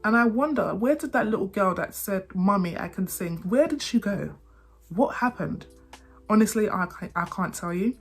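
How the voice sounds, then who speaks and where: A young adult woman telling a personal story to camera. She talks fast, repeats herself and trips over words now and then. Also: mid-range voice, expressive, breathy edge. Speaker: vlogger. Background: faint background music.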